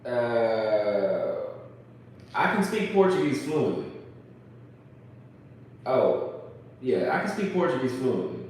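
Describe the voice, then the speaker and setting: A man's voice: mid-range voice, sing-song, takes it slowly, long pauses, a little mellow, a little hiss or hum. A man talking casually and bluntly, rambling and crude, mocking others by quoting them in put-on voices. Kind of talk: casual chat. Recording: echoey room, voice from far off.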